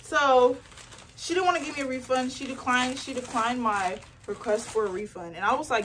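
A young woman in a casual home vlog, talking straight to her phone while she packs orders. She tells her story in a chatty, animated way, full of "like", with faint crinkling of mailers and tape behind her. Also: fairly high pitch, brisk, far from the mic, slight background noise. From Nigerian heritage. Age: young adult. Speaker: small business owner vlogger. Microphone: phone camera.

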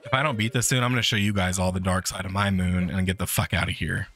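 A man's voice: steady tone, fast, few pauses, fairly bright tone. Foul-mouthed man ranting over gameplay. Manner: foul-mouthed, ranting at the game, voice cracking high when frustrated. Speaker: streamer. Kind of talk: live gameplay commentary.

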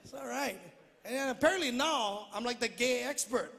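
Loud high-voiced comedian, lilt. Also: male voice, normal speed, vocal fry, background noise. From Hawaii. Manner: loud, animated, mimics family members. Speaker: stand-up comedian. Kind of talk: stand-up comedy set. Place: theater stage before a live audience. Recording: echoey theater with a laughing crowd. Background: audience laughter.

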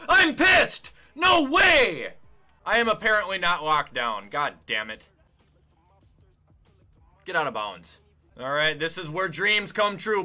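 A young man giving profane, excitable commentary while playing a football video game, swinging from mutters to shouts. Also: fairly high pitch. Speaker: gaming YouTuber. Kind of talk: profane live gameplay commentary.

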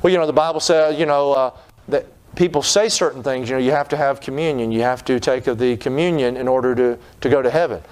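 A man's voice: mid-range voice, quick pace, a little mellow, clean tone. A man preaching a sermon, retelling scripture in folksy terms and putting on voices for its people. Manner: folksy storytelling, acting out the people in his stories. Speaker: pastor.

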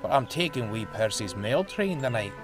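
A man voicing a gruff, blunt male steam engine with a Scottish accent. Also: medium pitch, sing-song, normal speed, natural voice. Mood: stern. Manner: blunt, huffy. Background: music.

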